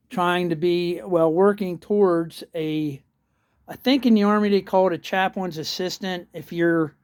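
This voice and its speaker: A chaplain with a high voice gives a casual morning video update, sleepy and yawning, halting as he searches for words. There is no room sound.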